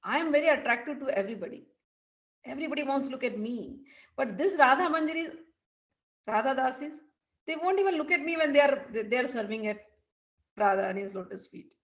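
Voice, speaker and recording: A woman's voice: sits high, expressive, fairly quick, fairly bright tone. A woman voicing Krishna as a playful, teasing young divine man, speaking in a coaxing tone. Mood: wondering. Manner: coaxing, wondering. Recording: dull lo-fi recording.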